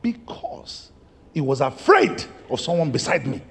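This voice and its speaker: A male pastor, preaching a sermon and moving between shouted lines and hushed ones. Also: on the high side, huge pitch swings, unhurried, a little hiss or hum. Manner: preaching with big swings from shouts to near-whispers.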